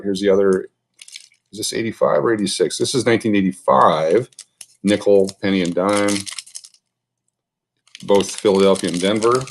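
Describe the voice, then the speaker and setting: A man casually showing his coin collection on camera, talking off the cuff with lots of fillers and asides. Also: fairly low pitch. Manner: relaxed, unscripted, many fillers and asides. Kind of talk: casual show-and-tell narration. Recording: faint background noise with clicks.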